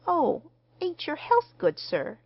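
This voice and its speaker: A woman's voice: a little high, sing-song, slow pace, slightly rough, no room sound, highs cut off, voice pushed up, full character voice. A woman reading the part of a shy, flustered spinster dressmaker who stammers. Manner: stammering, eager, homely speech.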